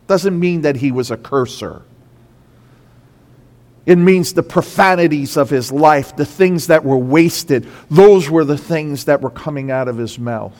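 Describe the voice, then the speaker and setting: A man with a high, bright-pitched voice preaches at a measured, unhurried pace. His delivery swells and falls with emphasis like a pastor in the pulpit. The sound carries a long reverb, as if in a large church sanctuary. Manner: impassioned preaching, voice rising and falling with emphasis. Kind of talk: sermon.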